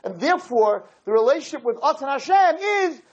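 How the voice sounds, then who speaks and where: A man's voice: very high voice, sing-song, brisk. A man giving a lecture to a live audience, rhetorical and playful, acting out little scenes as he goes. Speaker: Torah lecturer. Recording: dull lo-fi lecture recording with faint hiss.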